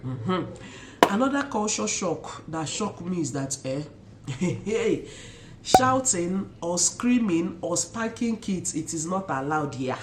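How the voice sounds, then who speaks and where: Animated Nigerian woman in an echoey room. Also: lowish voice, slow pace, heavy background noise. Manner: animated, mixes Pidgin asides, imitates loud shouts. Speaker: vlogger. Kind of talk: casual storytelling to camera.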